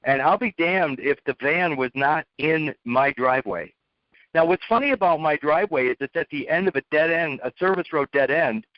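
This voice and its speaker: A man's voice: on the high side, moderate pace, no echo. A man telling a rambling story to make a point, blunt, often repeating and restarting his words. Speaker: speaker telling a lesson story. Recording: dull lo-fi, dry.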